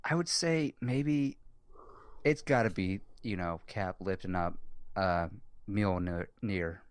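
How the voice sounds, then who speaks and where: A man hosting a casual podcast chat, rambling excitedly with lots of fillers and swearing. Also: low voice, slow, smooth. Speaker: podcast host.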